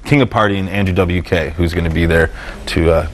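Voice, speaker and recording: Deep-voiced enthusiastic guest man. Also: steady tone, fairly quick, a little hiss or hum. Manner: enthusiastic, promotional. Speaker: restaurant owner, guest. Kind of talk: TV interview. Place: TV studio.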